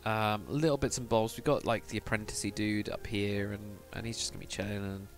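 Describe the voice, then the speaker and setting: Guy streaming a build, low-ish voice, mutters along, answers chat, quiet music underneath. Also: fairly even intonation, fairly quick. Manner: rambling, thinks aloud, mutters to himself; reads out and answers viewer chat. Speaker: live streamer. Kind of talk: casual live stream chat while building in a game.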